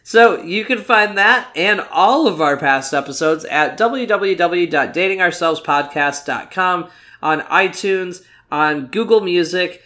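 A man with a slightly raised, bright and forceful voice co-hosts a chatty podcast. He jokes around with quick asides and keeps the banter light. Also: high voice. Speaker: podcast co-host. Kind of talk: casual podcast chat.

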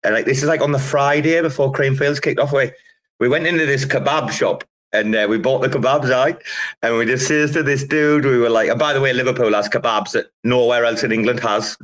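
A man's voice: mid-range voice, steady tone, a little fast, a bit bright. A middle-aged man telling rambling, profanity-laced stories in a casual online audio chat.

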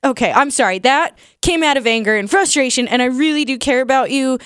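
A high-voiced woman performing in an improvised comedy sketch, blunt and mock-scolding as she cuts into the others. Her voice is close and dry, with no room sound. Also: a little fast, a bit bright, clean tone, dry recording.

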